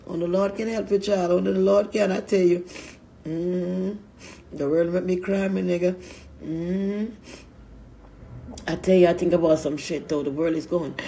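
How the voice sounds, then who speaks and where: A man's voice: high voice, fairly even intonation, moderate pace, vocal fry, pauses often, dark tone, slight background noise. A man delivering a crude, profane rant to camera, laughing to tears as he goes, his nose running. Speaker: vlogger.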